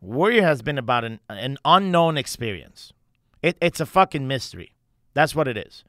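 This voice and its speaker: A man's voice: medium pitch, very animated, normal speed, bright, forceful tone, no echo, clean studio sound. A man hosting a podcast as a coach, talking intensely and emphatically with heavy swearing. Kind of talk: candid podcast conversation.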